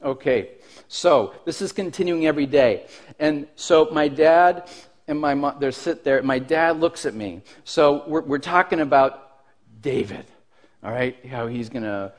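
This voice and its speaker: A man preaching a sermon, telling a personal story in an animated, self-mocking way and often laughing as he tells it. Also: medium pitch, measured pace. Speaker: pastor.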